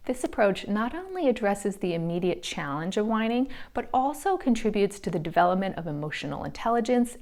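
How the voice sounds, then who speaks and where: Woman reading a parenting explainer, calm and measured, mid pitch, reassuring. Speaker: parenting educator. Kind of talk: scripted educational explainer.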